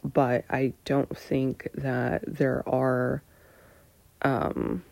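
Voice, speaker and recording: Slow, gravelly, hesitant woman. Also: rumbling low, level tone, darkish tone, no echo. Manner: hesitant, lots of pauses and fillers, drifting into breathy near-whispers. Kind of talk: candid answering of personal questions.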